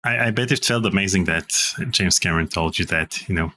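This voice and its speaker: A man's voice: sits low, brisk, bright, forceful tone, a little hiss or hum. A man hosting an interview, chatting casually and making dry joking asides. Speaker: interview host.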